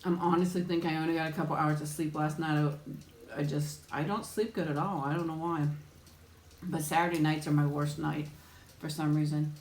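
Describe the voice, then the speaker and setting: Lady chatting on a live mukbang stream, kinda low voice, sounds like a big echoey room. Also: level tone, fairly quick, a little hiss or hum. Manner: chatty, warm greetings, frequent laughs and ums. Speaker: mukbang livestream host. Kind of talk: casual live chat greeting viewers.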